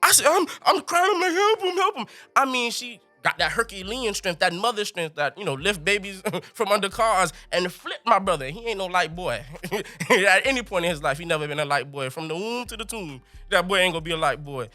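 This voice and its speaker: A young man telling a funny story as a podcast guest, animated and laughing, with colorful slang. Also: sits high, a little fast, few pauses. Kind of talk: comic storytelling.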